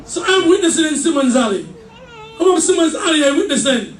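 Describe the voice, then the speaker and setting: A man preaching a fervent sermon in a church, shouting his points with call and response. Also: very high-pitched, very animated, brisk. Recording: echoey church mic from far off.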